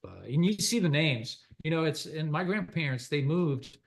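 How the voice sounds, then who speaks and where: A man's voice: on the high side, lively intonation, moderate pace, vocal fry. Chatty French-native man from Quebec. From Quebec, Canada. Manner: rambling, chatty, many fillers and restarts. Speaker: country singer-songwriter guest. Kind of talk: casual interview chat.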